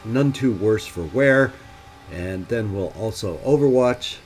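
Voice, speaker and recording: With soft background music underneath, a lowish, slightly mellow male voice speaks slowly yet animatedly. He's a gaming channel host in a let's play, planning moves aloud and lacing his tactical thinking with wry, self-doubting remarks.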